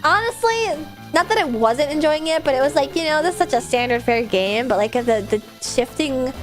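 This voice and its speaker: A woman streaming a video game, chatting excitedly and casually, swearing now and then. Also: high voice, normal speed. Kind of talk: casual gameplay livestream chat. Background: faint game music.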